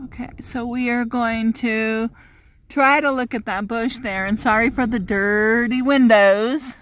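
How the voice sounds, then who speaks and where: Talking from inside her van, a woman vlogs in casual chat, sprinkling in frequent fillers and little laughs. Her voice sits a little high, with a steady tone and a slightly slow pace.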